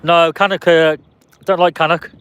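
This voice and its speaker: A man's voice: a little high, little pitch movement, moderate pace, fairly bright tone, clean tone, dry recording. Chatty man streaming from a parked car. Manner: chatty, answers viewer comments by name; playfully guesses passers-by's names. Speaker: live streamer. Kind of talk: casual live-stream chat.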